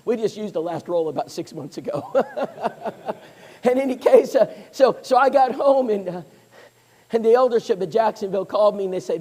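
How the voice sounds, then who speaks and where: In a storytelling sermon, a man with a high, fairly quick voice tells stories and acts out the voices of the people he quotes. He is an animated storyteller, and the recording carries a long hall reverb.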